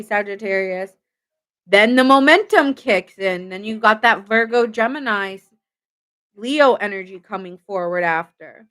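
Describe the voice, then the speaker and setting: A woman's voice: mid-range voice, fairly bright tone. Chatty woman giving a live tarot reading. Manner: chatty and playful, laughs often, greets viewers. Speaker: tarot reader hosting a live stream.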